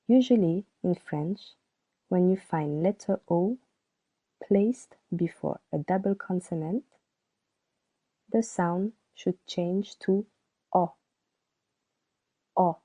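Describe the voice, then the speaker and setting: Lady teacher doing a slow vocab drill, says every word twice, kinda raspy, sounds thin like over a phone. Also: fairly low pitch, mellow, no echo. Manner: slow, deliberate, repeats each word for learners. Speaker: French teacher. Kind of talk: scripted language lesson. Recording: dry, tinny phone-like sound.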